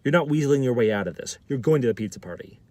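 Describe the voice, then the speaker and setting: A man doing a bossy high school principal. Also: expressive, very fast, dark tone, no room sound, natural voice. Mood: stern. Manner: commanding, scolding.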